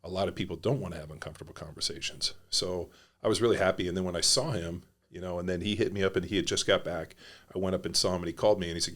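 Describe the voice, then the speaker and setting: A middle-aged former pro football player, guesting on a podcast, tells stories in a rambling, blunt, profane way. His voice is low-pitched and fairly bright, with fairly even intonation, and he talks fast in this casual conversational storytelling.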